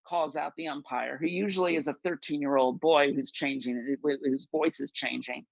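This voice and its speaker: A man telling a personal story at a story slam, animated and self-mocking, over a video call. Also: mid-range voice, moderate pace, gravelly, dry recording, lo-fi sound.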